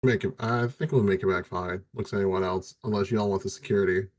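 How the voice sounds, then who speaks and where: A man taking part in a tabletop role-playing game, with a somewhat low voice and an offhand, casual way of talking. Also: fairly even intonation, brisk, a little hiss or hum. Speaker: player.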